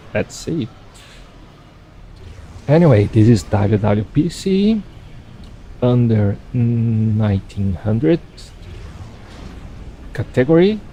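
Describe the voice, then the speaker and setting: A man giving casual video game commentary from his computer at home, relaxed and thinking aloud with chatty asides. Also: lowish voice, slight background noise, rough recording. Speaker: game caster. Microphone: desk microphone.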